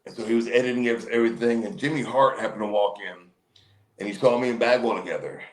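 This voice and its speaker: A man's voice: medium pitch, fast, low-quality recording. A man in his fifties, a former pro wrestler, telling stories as a guest in an interview. He rambles with fillers and restarts, and acts out the people he quotes in a livelier voice. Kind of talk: casual storytelling in an interview.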